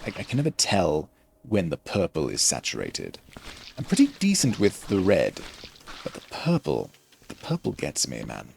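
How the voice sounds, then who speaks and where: This rambling gameplay commentary comes from a young streamer with a rumbling low, creaky voice that swings hugely in pitch at a moderate pace; a little hiss or hum is audible. His jokes are self-deprecating, carried by a mild put-on British-Australian lilt.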